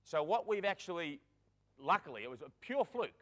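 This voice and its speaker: A man's voice: on the high side, a little fast. Chatty man giving a keynote. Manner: energetic, chatty, addresses audience directly. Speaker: conference speaker. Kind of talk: conference keynote talk. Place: conference hall.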